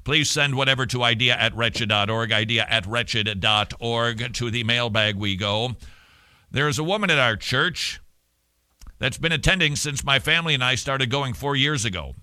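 A man's voice: medium pitch, moderate pace, smooth, dry recording. A man hosting a Christian radio talk show, answering listener mail in a chatty, joking way, speaking into a studio microphone. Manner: chatty, joking, animated, puts on silly voices. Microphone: studio microphone with cover.

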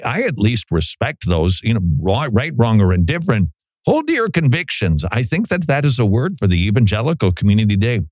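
In his opinion monologue, a middle-aged man hosting a Christian talk show speaks animatedly and casually, sometimes doing other voices for emphasis. The voice is mid-range, captured in a dry recording.

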